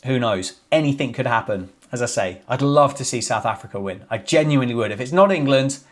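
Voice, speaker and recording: A man's voice: medium pitch, animated, fairly quick. Chatty young man previewing cricket. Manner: chatty, jokey asides, self-corrects often. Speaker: cricket video host. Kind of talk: casual cricket preview to camera.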